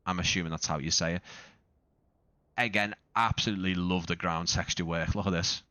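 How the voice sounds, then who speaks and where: Deep, bright-toned man streaming a flight sim. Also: steady tone, a little fast, dry recording. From not Australian. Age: adult father. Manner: rambling, self-correcting, with frequent restarts and fillers. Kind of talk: casual live-stream commentary.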